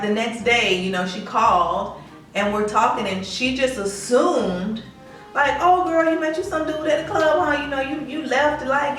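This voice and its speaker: Animated woman, echoey room. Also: mid-range voice, far from the mic. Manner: animated, acts out quoted lines. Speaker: vlogger telling a personal story. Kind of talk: casual storytime. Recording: echoey room, away from the mic.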